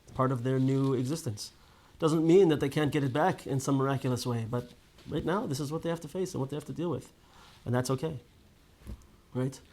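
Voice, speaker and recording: A man teaching a casual Torah class to a small group. He tells stories with lively ups and downs, restarts often and keeps asking "right?". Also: mid-range voice, fairly quick. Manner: lively storyteller, many restarts and "right?" tags.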